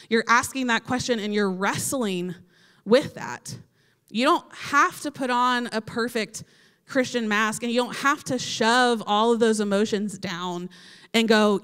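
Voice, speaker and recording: A young woman giving a casual youth sermon, talking in a relaxed way with many "like" fillers. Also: a little high, unhurried, clean tone. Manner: casual, filler-heavy with frequent "like". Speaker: youth speaker. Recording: reverberant hall.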